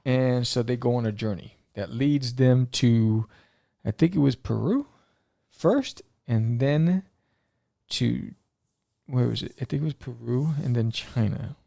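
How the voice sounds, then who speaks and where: Rambling, gravelly man reviewing comics. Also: mid-range voice, unhurried, no room sound, studio quality. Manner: excitable, rambling, full of fillers and restarts. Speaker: podcast host reviewing comic books. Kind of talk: casual comic book review.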